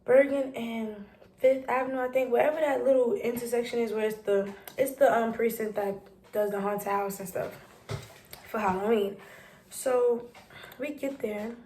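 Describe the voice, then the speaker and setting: Animated young New woman storyteller. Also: a little high, normal speed, a little hiss or hum. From New York City. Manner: animated, rambling retelling with quoted dialogue. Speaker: vlogger. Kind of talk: casual storytime.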